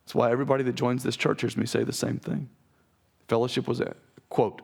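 A man preaching a sermon as pastor, with a raspy voice, earnest and direct with his congregation. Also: mid-range voice, fairly even intonation, very fast, darkish tone. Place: church sanctuary.

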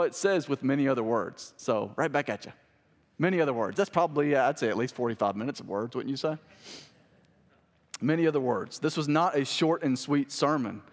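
A male pastor preaching a sermon in a conversational way that climbs to emphatic, high-pitched peaks. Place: church sanctuary. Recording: long church reverb.

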